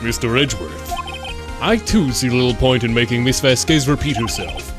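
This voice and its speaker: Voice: medium pitch, expressive, normal speed, music in the background, lightly acted. A streamer voicing a hesitant older male judge in a courtroom game. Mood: mild.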